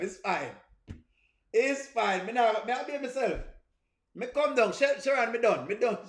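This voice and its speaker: Man, reaction host, playful laughing riffs, high voice, roomy echo. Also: fairly quick. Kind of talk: comic reaction commentary.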